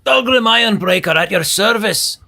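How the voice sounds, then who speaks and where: A hearty, cheerful dwarf warrior, as a player puts him on. His voice is high, gravelly and bright, swinging widely in pitch. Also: lively intonation, normal speed, exaggerated voice. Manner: hearty, formal.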